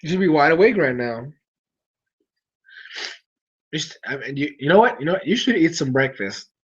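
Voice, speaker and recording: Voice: medium pitch, animated, moderate pace, husky, highs cut off. A streamer talking casually with viewers late at night, sleepy and yawning, rambling along with frequent restarts.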